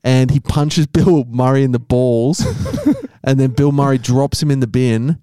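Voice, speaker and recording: A man's voice: medium pitch, mellow, no room sound, clean studio sound. A man co-hosting a podcast, telling stories and teasing his co-host in casual chat. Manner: teasing, storytelling, quick laughs.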